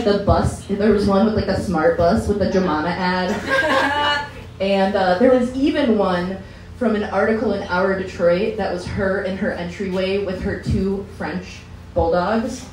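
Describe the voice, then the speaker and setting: A woman's voice: mid-range voice, darkish tone, slight background noise. A woman doing a stand-up comedy set, chatty and loose, who often laughs through her own lines. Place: comedy lounge stage. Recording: echoey room, mic from far.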